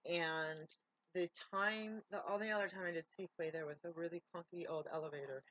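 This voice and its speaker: A woman's voice: fairly low pitch, fairly even intonation, fairly quick, fairly bright tone, no room sound. Rambling woman on a dull lo-fi recording. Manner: rambling, digressive, breaks off mid-sentence. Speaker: vlogger. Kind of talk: casual check-in monologue.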